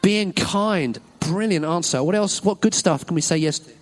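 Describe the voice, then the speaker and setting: A man's voice: sits high, normal speed. A man leading a children's talk in a church service, upbeat and encouraging, praising every answer. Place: church hall with an audience.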